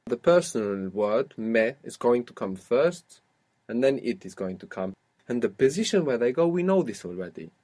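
A man's voice: medium pitch, big pitch swings, normal speed, dark tone. A man teaching an audio language lesson, patiently prompting his student step by step.

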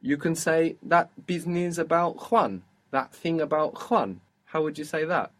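A man's voice: fairly high pitch, unhurried, a bit bright. A man teaching a spoken language lesson, patiently explaining step by step and encouraging his student.

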